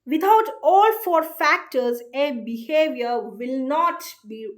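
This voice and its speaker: A woman presenting a book summary in an explanatory talk, deliberately repeating key points and posing rhetorical questions to the listener. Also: high voice, lively intonation.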